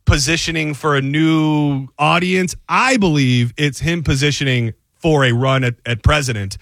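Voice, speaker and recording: A man's voice: fairly high pitch, moderate pace, vocal fry, a bit bright, no room sound. A man hosting a radio talk show, chatting loosely with many fillers and restarts.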